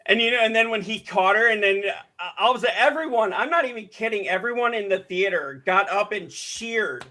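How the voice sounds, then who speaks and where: A high-voiced man co-hosts a casual podcast chat. His tone is bright and forward, and he tells animated stories, jumping into the voices of the people he quotes. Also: a little fast. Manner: animated storyteller, acts out quotes. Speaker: podcast co-host.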